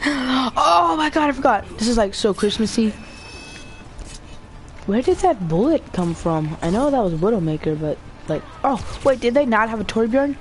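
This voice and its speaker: A woman giving casual, rambling commentary while playing a video game, chatty and quick to get excited. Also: mid-range voice, slight background noise. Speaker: gamer.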